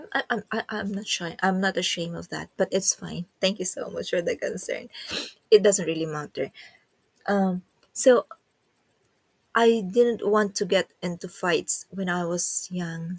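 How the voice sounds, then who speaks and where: A woman's voice: lowish voice, no room sound. A woman with a Filipino accent hosting a casual livestream, chatting and reading viewer comments aloud. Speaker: livestream host.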